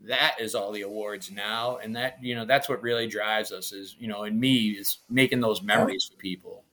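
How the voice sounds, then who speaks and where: A man from Massachusetts with a Massachusetts accent, a chef being interviewed, telling stories with animated enthusiasm. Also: fairly low pitch, moderate pace. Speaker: executive chef, guest. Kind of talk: casual interview chat.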